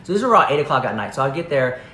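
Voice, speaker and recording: A man's voice: medium pitch, very animated, very fast, pushed and bright. Chatty man rambling in an echoey room. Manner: chatty, rambling, filler-heavy. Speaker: commentary vlogger. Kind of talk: casual storytelling to camera. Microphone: camera. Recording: echoey room, faint noise.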